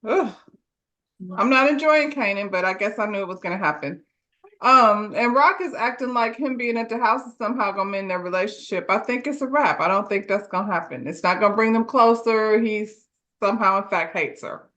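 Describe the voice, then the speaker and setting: A woman with a medium-pitched, sharp voice talks a little fast. She co-hosts a casual podcast, reviewing a TV episode through slangy, laugh-filled storytelling and acting out the characters' lines.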